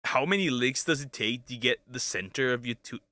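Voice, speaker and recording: Bright, crude young male streamer. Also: medium pitch, brisk, no room sound. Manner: crude, joking, restarts, bursts of yelling. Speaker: streamer reacting to clips. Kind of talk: casual reaction commentary.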